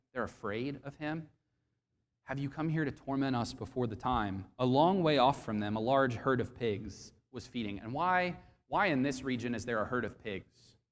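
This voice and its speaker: A man preaching a sermon to a congregation, expressive and questioning, acting out quoted voices as he goes. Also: mid-range voice, in a large hall, a little hiss or hum. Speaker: pastor. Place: church sanctuary.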